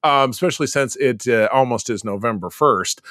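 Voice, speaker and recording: A man co-hosting a podcast in casual chat, animated and laughing, with a gravelly voice. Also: mid-range voice, brisk, no room sound, clean studio sound. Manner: animated, laughs often, trails off mid-sentence. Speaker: podcast co-host.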